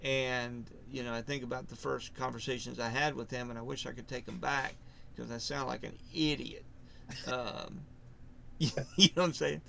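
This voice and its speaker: A man in casual faith discussion, telling his story in a rambling way, restarting sentences and loudly acting out what others said. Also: mid-range voice, steady tone, moderate pace, gravelly, a little hiss or hum. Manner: rambling, self-interrupting storyteller who acts out quotes loudly. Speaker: podcast co-host.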